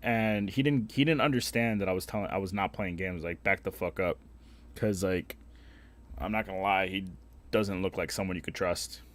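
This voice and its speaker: Casting: young male streamer, lowish voice, crude and blunt, acts out the people in his stories. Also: normal speed. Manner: blunt, heavily profane, animated retelling with voiced quotes. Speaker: live streamer. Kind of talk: casual storytelling while gaming.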